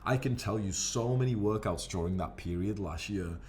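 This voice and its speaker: A man casually telling gym stories to camera in a profane, rambling, animated way. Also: on the low side, moderate pace, slight background noise. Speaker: fitness vlogger.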